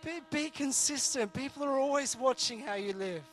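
A man's voice: extremely high pitch, moderate pace, fairly bright tone, faint music behind. A man preaching a conversational sermon, earnest and jokey, often restarting his sentences.

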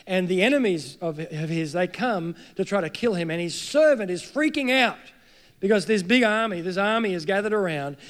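A man preaching a sermon, earnest, climbing to emphatic peaks and sinking to soft, low passages.

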